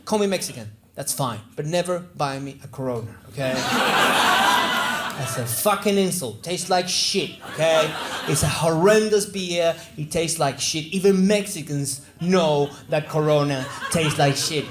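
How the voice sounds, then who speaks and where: A man from Venezuela, doing animated, profane stand-up comedy on a stage. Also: a little high, measured pace, background noise.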